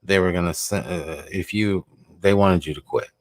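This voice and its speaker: A man's voice: low voice, moderate pace, dry recording, clean studio sound. A man hosting a call-in show, skeptical, cutting in to sum up what the caller says. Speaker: talk show host.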